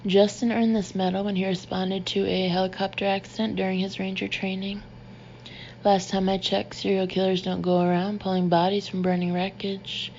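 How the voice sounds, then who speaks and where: A woman's voice: mid-range voice, flat delivery, normal speed, darkish tone, dull audio, a little hiss or hum, close to an everyday voice. A woman voicing a fervent, insistent middle-aged mother with a Southern accent, pleading emphatically in an audiobook.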